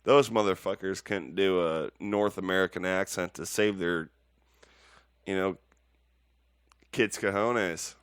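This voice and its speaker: A man hosting a casual podcast chat, rambling from one joke to the next and swearing freely. His voice is lowish and smooth, recorded dry and close. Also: a little slow, pauses often, fairly bright tone, no room sound. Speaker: podcast host.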